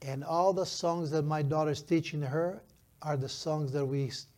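Somewhat high for a man and a little mellow, this fifties-aged pastor's voice keeps fairly even intonation as he preaches. He presses his points emphatically, lingering on key phrases, with slightly non-native phrasing.

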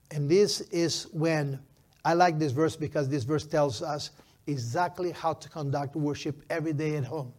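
A man in his fifties, a pastor preaching a sermon with a grandchild in his story, speaking emphatically and slowing down for key phrases with slightly non-native phrasing. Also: fairly high pitch, fairly even intonation, a little mellow.

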